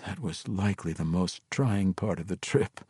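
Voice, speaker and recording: A man doing a shaken elf ranger, quiet. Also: deep voice, expressive, slightly rough, no room sound, studio quality, exaggerated voice. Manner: quiet, halting. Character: shaken dark elf ranger, male, gentle.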